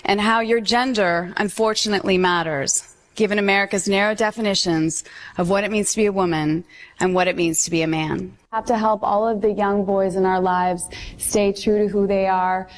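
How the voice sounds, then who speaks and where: A woman speaking earnestly and in a measured, explanatory way in a played interview clip. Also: medium pitch, fairly even intonation.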